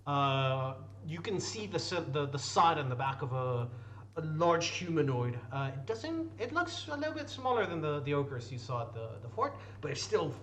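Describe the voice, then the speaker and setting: A man's voice: fairly high pitch, very animated, moderate pace, fairly bright tone, a little hiss or hum. A man narrating a tabletop game as game master, rambling loosely with restarts and the odd curse. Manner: rambling, full of restarts and fillers, loose and profane.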